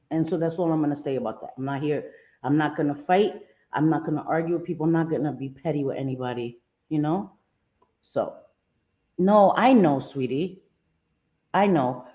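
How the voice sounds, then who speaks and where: A woman's voice: deep voice, a little mellow, dull audio. A woman hosting a casual livestream, greeting viewers by name and chatting loosely, laughing easily. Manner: chatty, reads chat names aloud, laughs easily. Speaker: livestream host.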